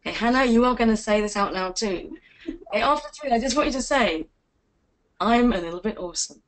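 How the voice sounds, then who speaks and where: Female confidence coach, online class, higher voice, animated and jokey. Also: fairly quick, slight background noise, poor audio. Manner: energetic, playful, acts out quotes with big pitch leaps.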